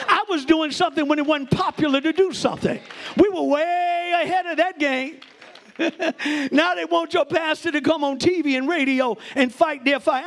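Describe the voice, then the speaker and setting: High-voiced preaching pastor, shouting. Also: male voice. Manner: preaching with shouted peaks and laughter, talks to the congregation. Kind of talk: sermon. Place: church before a congregation.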